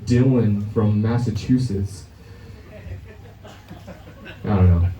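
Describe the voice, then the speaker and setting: A man's voice: fairly low pitch, steady tone, takes it slowly, mellow. A young man performing a stand-up comedy set at an open mic, brash and crude, laughing at his own jokes. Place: comedy club stage. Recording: roomy live club sound from a distance.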